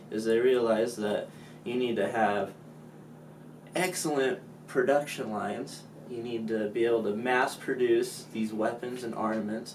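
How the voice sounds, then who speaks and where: A man's voice: medium pitch, a little mellow, echoey room, distant mic, slight background noise, low-quality recording. A man explaining history casually, joking and using many fillers. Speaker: student presenter.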